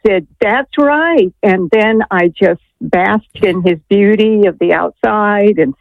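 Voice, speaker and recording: A woman's voice: medium pitch, steady tone, slow, vocal fry, dry recording. Earnest woman caller on tinny phone line. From Maine, USA. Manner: rambling, earnest, many fillers. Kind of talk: call-in testimony.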